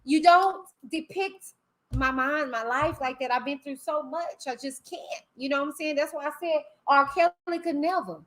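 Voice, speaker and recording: A woman's voice: high voice, moderate pace, fairly bright tone. A woman hosting a live stream, talking bluntly and animatedly in casual commentary. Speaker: livestream host.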